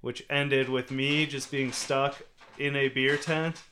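A man's voice: mid-range voice, little pitch movement, slow, bright, forceful tone, slight background noise. A man from Minnesota chatting casually, talking bluntly and poking fun at his own social awkwardness. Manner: blunt, self-deprecating and a bit awkward. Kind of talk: casual chat.

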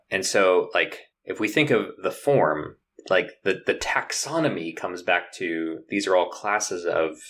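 A man with a deep, low voice chatting on a podcast. He thinks aloud in a playful way and stumbles over his words now and then. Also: a bit bright. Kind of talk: casual chat.

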